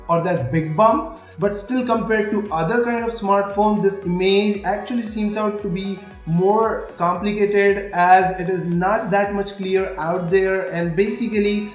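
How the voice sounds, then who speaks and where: Man, high voice, wordy tech rumor rundown, echoey room, faint music underneath. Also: distant mic. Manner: wordy, filler-heavy, keeps addressing the audience as guys. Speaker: tech channel host.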